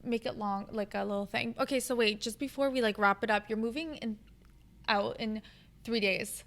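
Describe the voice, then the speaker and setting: A young woman with a slightly high voice, co-hosting a podcast. She talks in an upbeat, chatty way and fills her speech with "like". The tone is a relaxed chat between friends. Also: moderate pace. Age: young adult. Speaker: podcast co-host. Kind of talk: casual chat.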